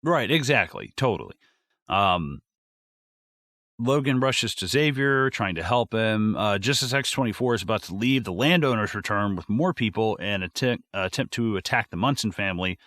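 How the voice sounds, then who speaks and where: A man co-hosting a podcast, recapping a movie in casual chat, excitable and profane, with lots of fillers. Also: fairly low pitch, moderate pace, no echo. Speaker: podcast co-host.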